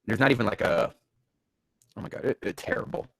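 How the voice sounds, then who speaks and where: Reading bad fanfiction aloud, a man with a lowish, gravelly voice goes at it briskly with sarcastic, profane, exasperated commentary and sudden yells. Allergies leave his nose stuffy. The ranting comedic commentary is recorded dry.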